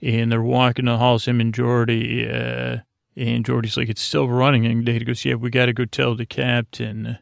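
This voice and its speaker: A man's voice: mid-range voice, monotone, moderate pace, creaky, dry recording. A man hosting a podcast, giving a sleepy, rambling recap of an episode with many fillers. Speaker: podcast host.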